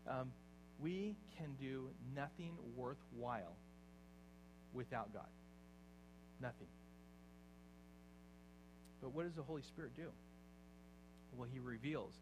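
A man preaching a sermon, dropping to quiet, low asides and then rising into loud exhortation. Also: takes it slowly, long pauses. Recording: faint mains hum behind.

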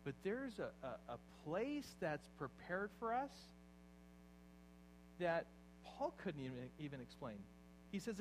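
A man preaching a sermon, dropping to quiet, low asides and then rising into loud exhortation. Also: very animated, slow, pauses often, rough recording. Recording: faint mains hum behind.

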